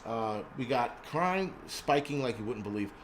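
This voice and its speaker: A man's voice: mid-range voice, animated, measured pace, slight background noise. A man from New York City hosting a prepping live stream, ranting angrily and bluntly with lots of swearing, restarts and stammers. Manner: angry, profane and blunt, with many restarts and stammers.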